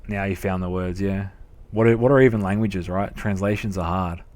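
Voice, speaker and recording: A man's voice: low voice, fairly even intonation, brisk, a little mellow. A young adult man with an Australian accent, casually commentating a game live and chatting with viewers, swearing a lot. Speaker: game streamer.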